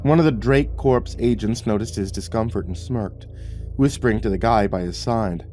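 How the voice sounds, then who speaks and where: A man narrating a scripted sci-fi horror story in a steady, measured way. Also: fairly low pitch, faint music behind.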